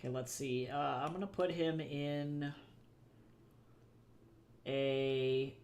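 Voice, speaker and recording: A man's voice: medium pitch, fairly even intonation, slow pace, darkish tone. A young man who draws comics on a livestream, chatting casually, thinking aloud as he works and answering his chat. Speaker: comic artist streamer.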